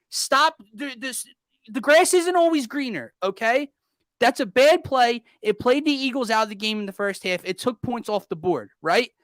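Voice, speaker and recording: Ranting young sports host, bright and high. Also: male voice, no echo. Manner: exasperated, ranting, sarcastic. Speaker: podcast host. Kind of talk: casual sports talk.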